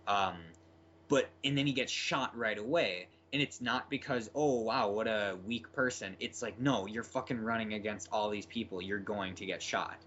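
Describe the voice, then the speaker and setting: A man's voice: on the low side, moderate pace, a bit bright, highs cut off, a little hiss or hum. A man co-hosting a podcast, chatting casually and enthusiastically about a film, with lots of fillers. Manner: rambling, enthusiastic, many fillers. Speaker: podcast co-host.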